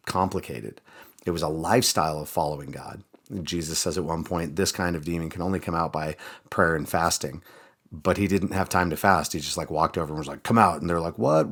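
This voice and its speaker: A man hosting a daily Bible reading, retelling the stories casually and slipping into lively quoted voices. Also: deep voice. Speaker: church Bible reading host.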